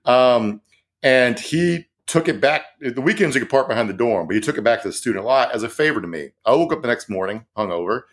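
A man's voice: medium pitch, expressive, brisk. A man co-hosting a podcast, who tells stories in a rambling, profane way. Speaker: podcast co-host. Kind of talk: casual storytelling chat.

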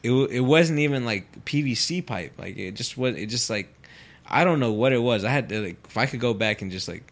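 A man's voice: medium pitch, animated, a little fast. A man who is a guest on a podcast, telling a story in casual chat, loose and full of fillers, swearing freely as he talks. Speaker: podcast guest, pro fighter.

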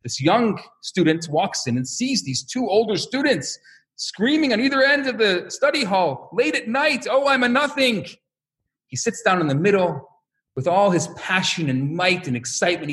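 A male religious teacher delivering a lecture in the style of a sermon, with a high voice. His pitch swings widely as he tells stories and acts out the voices in them. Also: normal speed. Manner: animated storytelling, acts out quotes.

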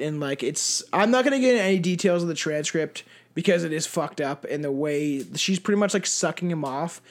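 A man with a brisk, somewhat high voice hosts a casual true-crime podcast chat. He swears freely, rambles, and restarts his sentences often.

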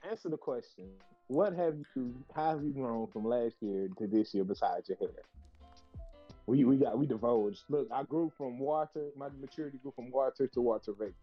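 A man's voice: medium pitch, moderate pace, soft background music. A man co-hosting a casual podcast, teasing his friends and firing off playful banter. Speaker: podcast co-host. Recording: dull lo-fi sound.

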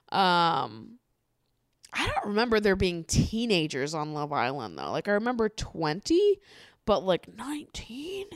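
A woman's voice: medium pitch, no room sound, clean studio sound. A young woman hosting a podcast in casual chat, swearing freely and laughing often. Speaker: podcast host.

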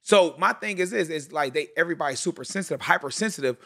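A man co-hosting a relaxed barbershop podcast, talking in an emphatic, animated way full of slang. His voice sits high and rings bright. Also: quick pace, gravelly. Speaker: podcast co-host. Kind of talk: casual barbershop chat.

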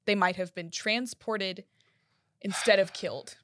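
A woman's voice: medium pitch, unhurried, fairly bright tone, no room sound. Careful, hedging woman player. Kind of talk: tabletop game play.

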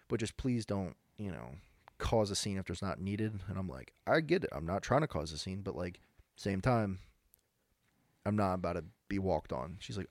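A man's voice: low-pitched, lively intonation, fairly quick, no echo. A young man co-hosting a podcast, rambling through stories, acting out what people said, with lots of "dude" and "bro". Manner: rambling storyteller, acts out quotes, says bro and dude. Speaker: podcast co-host. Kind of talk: casual chat.

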